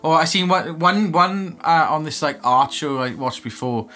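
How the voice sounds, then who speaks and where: A man's voice: a little high, expressive, moderate pace, bright, forceful tone, faint music behind. A man co-hosting a casual podcast chat, telling rambling stories with a laugh never far away. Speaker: podcast co-host.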